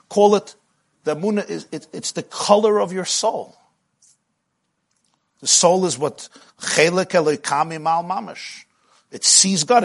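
A middle-aged man teaching a spiritual lecture with a husky, breathy voice that sits somewhat high for a man. His phrasing is rhythmic and repetitive, and he grows impassioned as he builds his points. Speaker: Jewish teacher.

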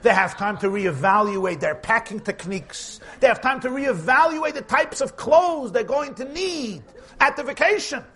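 Animated high-voiced man giving a humorous sermon. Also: normal speed. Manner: animated storytelling with Yiddish words and acted-out quotes. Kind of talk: humorous sermon to a live audience.

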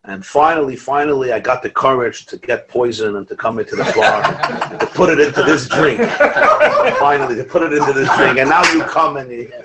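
A man's voice: medium pitch, brisk, very noisy, lightly acted. A man voicing a miserable, despairing man at a bar, telling it as a joke in a lesson.

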